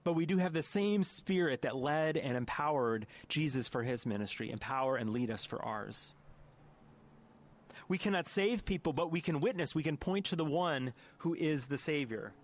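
Earnest higher-voiced male pastor preaching. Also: animated, moderate pace. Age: adult parent. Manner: earnest, reflective, occasional self-corrections. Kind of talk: sermon with a story read aloud.

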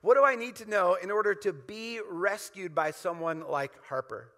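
Pastor, male, high bright voice, emphatic repeating sermon delivery, hall reverb. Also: normal speed. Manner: emphatic, repetitive call-and-response preaching.

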